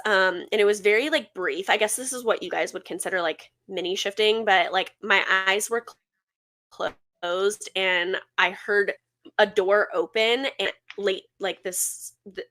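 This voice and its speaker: A young woman recounts a personal story on a podcast in a loose, chatty way. She fills her sentences with "like" and "um" as she goes. Her voice sits in an ordinary middle pitch. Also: fairly bright tone. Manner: chatty, full of "like" fillers, storytelling. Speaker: podcast co-host. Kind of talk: casual chat.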